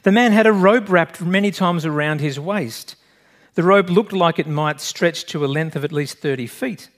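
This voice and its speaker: Male pastor preaching, earnest and direct, voice a touch high. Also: moderate pace. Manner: earnest, direct, asks the congregation questions. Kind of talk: sermon.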